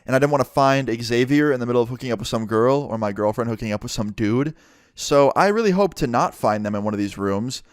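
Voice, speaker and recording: A young man telling a personal story in a casual, animated way, swearing often. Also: medium pitch, quick pace, no echo, clean studio sound. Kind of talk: storytime narration.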